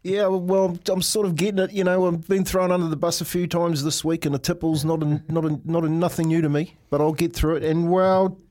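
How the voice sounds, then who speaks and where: A man's voice: fairly high pitch, level tone, a little fast, hardly any pauses, a little mellow. A man co-hosting sports radio, telling stories and laughing with his co-hosts. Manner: storytelling, laughing. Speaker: radio co-host. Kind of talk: casual sports radio banter. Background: faint music.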